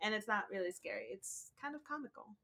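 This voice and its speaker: A woman telling stories in a casual group chat, animated and laughing often. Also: medium pitch, brisk, creaky. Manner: animated storyteller, laughs often, acts out quotes.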